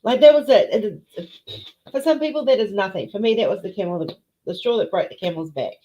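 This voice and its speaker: A woman's voice: medium pitch, lively intonation, a little fast, warm tone. A woman hosting a casual live chat with viewers, emotional and teary, greeting people by name. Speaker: livestream host. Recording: dull lo-fi stream audio.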